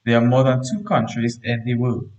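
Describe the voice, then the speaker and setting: A man teaches a live online grammar lesson to primary pupils. He reads each sentence aloud, repeats it slowly and explains the corrections while talking to the chat. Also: mid-range voice, animated, a little mellow, highs cut off.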